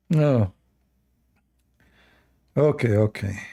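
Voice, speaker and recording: A man's voice: fairly high pitch, mellow, husky. A man from the Middle East hosting casual commentary, rambling bluntly and crudely with many fillers and restarts. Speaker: host.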